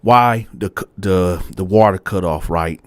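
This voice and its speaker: A man's voice: deep voice, measured pace, no room sound. Slangy man telling a prison story. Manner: animated, slangy, talks straight to viewers. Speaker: storyteller host.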